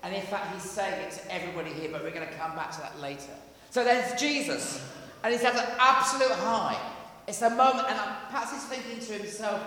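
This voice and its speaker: A vicar with a high, lifted voice preaches in a chatty, lively way, slipping in jokes as he goes. His words ring around a big echoey church, and a long reverb trails each phrase over a faint hum of ambience. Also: fairly quick. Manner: conversational and animated, with jokey asides. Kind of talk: sermon.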